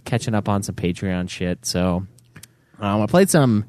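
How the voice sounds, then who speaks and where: Podcast co-host, male, lively swings in pitch, dry close sound, swears freely. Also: measured pace, no echo. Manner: animated storytelling with frequent swearing. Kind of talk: casual chat.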